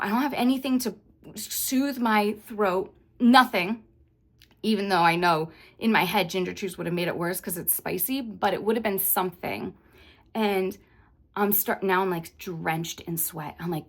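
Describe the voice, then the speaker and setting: A young woman vlogger telling a story in a rambling, animated way, with lots of fillers. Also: on the low side, vocal fry. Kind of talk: casual storytime monologue.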